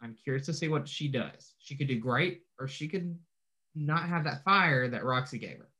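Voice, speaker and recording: A man's voice: medium pitch, normal speed, sharp tone. A man co-hosting a casual podcast, thinking aloud with hesitant restarts. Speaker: podcast co-host. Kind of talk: casual chat.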